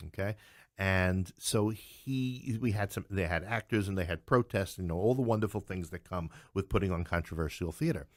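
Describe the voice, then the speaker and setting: A man's voice: deep voice, moderate pace, no room sound, clean studio sound. An American man, a playwright, telling stories in a casual interview and acting out the people he quotes. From New York. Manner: chatty storyteller who acts out quoted voices. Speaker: playwright and theater producer.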